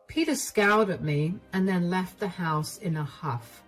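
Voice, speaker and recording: A woman's voice: fairly low pitch, a little slow, hardly any pauses. A young woman narrating a first-person story in an earnest, confiding manner. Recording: faint music underneath.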